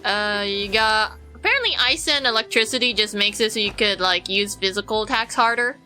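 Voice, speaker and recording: A woman's voice: medium pitch, brisk, sharp tone, faint music behind, low-quality recording. A woman streamer giving casual gameplay commentary, rambling through explanations to her chat.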